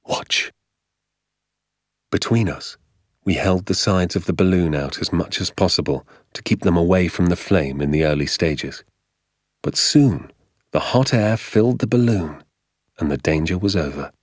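Male audiobook narrator, very deep and lively, measured storytelling, dry close mic. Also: no room sound. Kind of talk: scripted narration.

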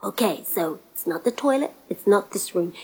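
A woman's voice: mid-range voice, animated, normal speed, warm tone, breathy edge. A woman voicing a lazy, nosy young prince who talks casually with many "like"s, in a storybook telling over guitar music. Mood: wheedling. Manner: casual, hesitant, filler-heavy with "like". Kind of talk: storybook voice acting.

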